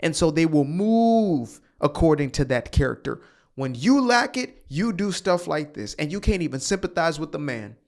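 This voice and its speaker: A man's voice: on the high side, sing-song, normal speed, a little mellow. A man hosting a commentary channel, ranting heatedly with rhetorical questions and swearing. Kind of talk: reaction commentary rant.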